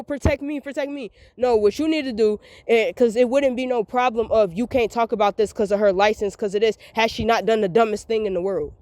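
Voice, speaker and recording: A woman's voice: fairly high pitch, darkish tone, no room sound. A woman, venting in a rambling, repetitive, emphatic monologue recorded as a voice memo. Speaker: vlogger.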